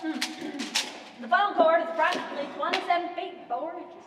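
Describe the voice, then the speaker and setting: A woman's voice: very high voice, normal speed. A young woman playing a matter-of-fact investigator. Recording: echoey hall, distant mic, noise.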